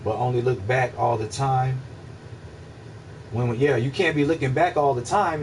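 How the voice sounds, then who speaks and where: A man talks through a loose, profane philosophical ramble, circling back on his points and checking whether his listeners follow. His voice sits at an ordinary middle pitch. It sounds a bit distant from the mic, with a faint air-conditioner hum in the room. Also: a little slow. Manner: rambling, profane, repeats himself, asks listeners if they follow. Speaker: livestream host answering chat. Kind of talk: casual philosophical monologue.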